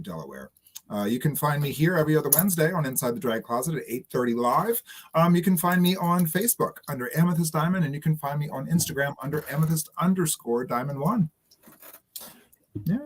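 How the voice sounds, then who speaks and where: Man, drag co-host, mid-pitched voice, sassy, teasing banter. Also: low-quality recording. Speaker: drag performer and regular co-host. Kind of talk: live-stream chat show banter.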